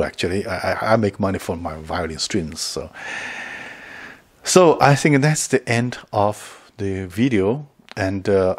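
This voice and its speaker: A man's voice: sits low, slightly rough. A middle-aged man chatting casually to camera as a video creator, rambling, repeating words and chuckling often.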